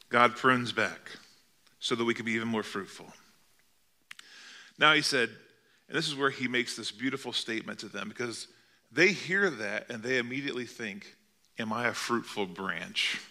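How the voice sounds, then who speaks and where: Bright-voiced male preacher, earnest. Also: mid-range voice. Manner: earnest, conversational preaching with rhetorical questions. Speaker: pastor. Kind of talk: sermon.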